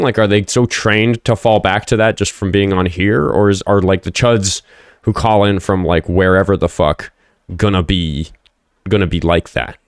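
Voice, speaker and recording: Low-voiced profane livestream host. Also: male voice, smooth, dry recording, studio quality. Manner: profane, combative toward chat, rambling. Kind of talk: casual livestream chat.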